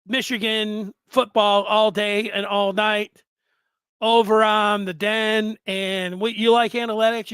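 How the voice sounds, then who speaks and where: A man's voice: high-pitched, fairly bright tone, clean tone, no room sound. A man in his fifties hosting a sports podcast, talking in a rambling, conversational way with asides and restarts. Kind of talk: casual sports podcast commentary.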